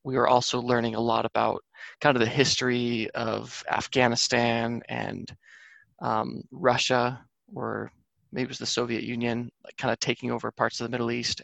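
Man, podcast co-host, gravelly voice, dry close sound, easygoing rambling chat. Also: mid-range voice, level tone, normal speed, fairly bright tone, dry recording. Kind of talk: casual chat.

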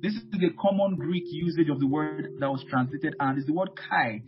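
Preacher guy teaching scripture, kinda high voice, says stuff twice for emphasis, muffled recording with guitar playing behind. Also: moderate pace. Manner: emphatic, repeats key phrases, calls amen. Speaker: pastor. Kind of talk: Bible teaching sermon.

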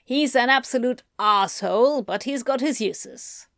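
A woman's voice: a little high, expressive, measured pace, vocal fry, a bit bright, no room sound, studio quality, full character voice. A woman voicing a grumpy, blunt male demon who drawls coolly and swears. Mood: dry.

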